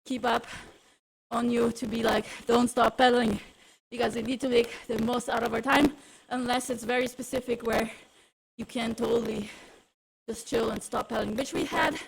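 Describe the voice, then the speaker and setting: A woman's voice: fairly high pitch, fairly even intonation, normal speed, vocal fry, slightly rough, low-quality recording. A woman coaching a live indoor cycling workout, out of breath, encouraging riders and cueing them through intervals.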